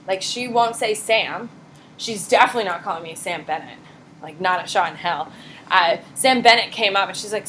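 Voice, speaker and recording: A woman teacher giving a casual, animated classroom lecture, blunt and chatty. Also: medium pitch, a little fast, slight background noise. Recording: echoey classroom from far off.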